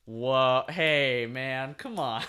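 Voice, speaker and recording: A man co-hosting a casual podcast chat, rambling and excitable, often restarting his sentences. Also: mid-range voice, very slow, smooth. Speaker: podcast co-host.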